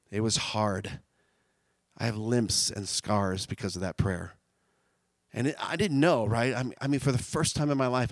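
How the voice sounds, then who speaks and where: A man preaching a sermon, animated, swinging from loud shouts down to quiet, intimate tones. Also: mid-range voice, no room sound.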